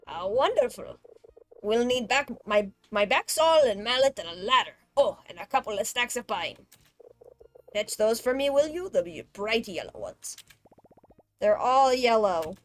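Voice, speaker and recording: A woman's voice: fairly high pitch, animated, a little slow, voice pushed up. A woman voicing an eager elderly male mill keeper in a cozy video game, fussy and enthusiastic.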